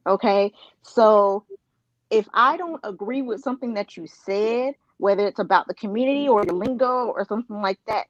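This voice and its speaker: A woman's voice: medium pitch, moderate pace, no room sound, muffled recording. A woman on a discussion panel, speaking earnestly and emphatically, with frequent restarts. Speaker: panel guest.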